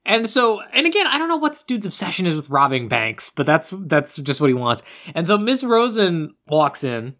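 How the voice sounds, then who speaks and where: Male podcast co-host, bright high-ish voice, animated movie recap. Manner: animated retelling with quick voices for characters.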